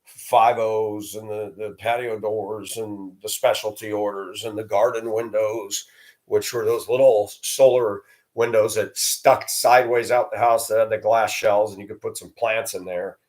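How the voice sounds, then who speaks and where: A man's voice: lowish voice, level tone, measured pace, a little mellow. A man talking to the camera in a rambling personal monologue, blunt and sometimes crude. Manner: rambling, blunt, with coarse language. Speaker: vlogger.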